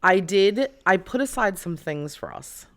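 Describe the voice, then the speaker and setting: A woman's voice: mid-range voice, expressive, a little slow, fairly bright tone. A woman co-hosting a podcast, chatting casually in a laid-back, agreeable, playful way. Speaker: podcast co-host. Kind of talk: casual chat.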